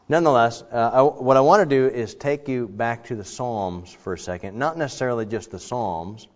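A man preaching a sermon in a conversational, animated way, with frequent fillers and restarts. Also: medium pitch, normal speed, dull audio. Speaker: pastor.

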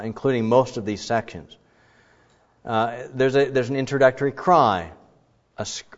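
A man preaching a sermon on the psalms in a conversational way, restarting phrases and bursting into loud, emphatic quotes. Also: medium pitch, dull audio.

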